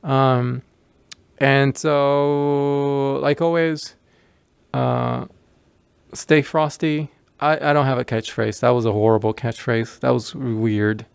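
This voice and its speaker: A man's voice: medium pitch, little pitch movement, slow pace, gravelly, clean tone, dry recording. A middle-aged man hosting a VR video, rambling casually through his sign-off with many restarts and self-deprecating asides. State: out of breath from moving around. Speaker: VR video host.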